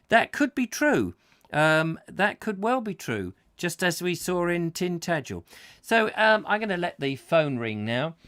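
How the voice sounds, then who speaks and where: A man's voice: on the high side, fairly bright tone. A man with a rambling, self-mocking manner, hosting a comic live chat show and full of fillers and asides.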